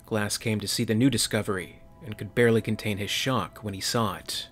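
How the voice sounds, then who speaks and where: Low-voiced male story narrator. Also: steady tone, brisk, fairly bright tone, soft background music.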